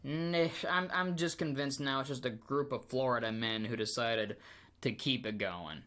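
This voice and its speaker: A man co-hosting a podcast, animated and joking, swearing and going off on quick tangents. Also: medium pitch. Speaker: podcast co-host. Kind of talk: casual chat.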